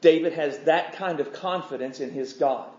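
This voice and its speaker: A man's voice: a little high, moderate pace, a little mellow. A man preaching an expository sermon, fervent and emphatic, stacking repeated phrases. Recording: dull lo-fi recording.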